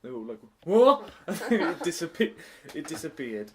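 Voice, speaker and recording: Lively man telling a story. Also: on the high side, normal speed, a crowd in the background. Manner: animated anecdote telling, laughs often, acts out voices. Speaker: podcast co-host, primary school teacher. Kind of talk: casual chat, storytelling.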